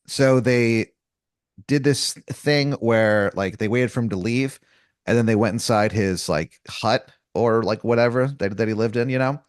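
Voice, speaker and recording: A man's voice: medium pitch, measured pace, clean tone, no room sound, studio quality. A man running an improvised comedy story as game master, rambling and casual with lots of fillers, restarts and crude slang.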